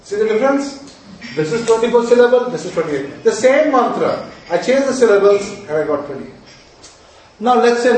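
A man teaches astrology in a high, slightly mellow voice at normal speed, hammering home his main points through repetition and frequent questions to his students. The mic is far away in a very echoey room, and there's slight background noise.

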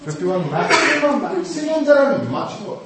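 High-pitched male teacher in echoey room. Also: very animated, normal speed, recorded from a distance, heavy background noise. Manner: questions the class, answers himself, scolds playfully. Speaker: Sanskrit and mantra teacher. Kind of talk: classroom lecture.

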